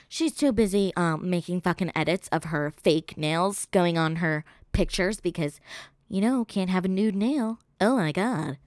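A woman's voice: mid-range voice, dry recording, studio quality. Profane rambling young woman podcaster. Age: young adult. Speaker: podcast host. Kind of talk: casual solo gossip podcast.

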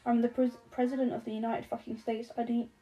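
A stubborn, sharp-tongued woman president snaps and curses in clipped bursts, as a woman narrator voices her. The tone stays mellow underneath the force, pitched a touch high. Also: flat delivery, quick pace, close to an everyday voice, rough recording. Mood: furious. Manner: shouting, clipped and cursing.

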